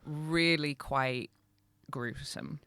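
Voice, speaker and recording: A young woman co-hosting a comedy podcast, telling stories with lively acted-out quotes. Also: low voice, drawn-out words, clear, resonant tone, no echo. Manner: animated storytelling, acts out quotes. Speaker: podcast co-host. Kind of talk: casual comedic chat.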